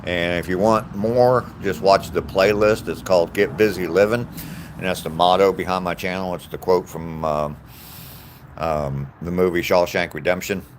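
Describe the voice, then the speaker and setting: A man's voice: low voice, a little hiss or hum. A man in his sixties chatting casually on a live stream while out walking, greeting viewers by name with lots of ums. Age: 60s. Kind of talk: casual live-stream chat reading comments. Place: outdoors on a walking trail.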